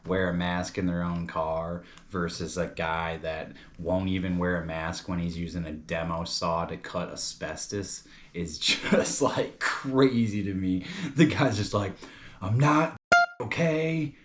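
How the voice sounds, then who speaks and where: A man's voice: low-pitched, fairly even intonation, a little slow, few pauses, slight background noise. A young man from New York chatting casually as a comedy reviewer, rambling and loose, calling people bro and dude.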